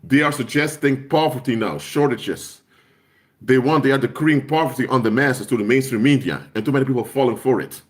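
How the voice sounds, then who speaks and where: A man's voice: mid-range voice, a little fast. A man preaching on a live stream in an impassioned way, hammering home points by repeating phrases. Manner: emphatic, repeats key phrases for force.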